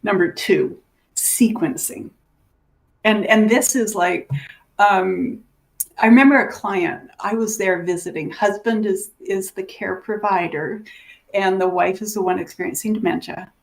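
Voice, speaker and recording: Animated woman teaching through stories. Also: mid-range voice, a little slow, creaky. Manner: animated, acts out the people in her stories. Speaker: dementia care educator.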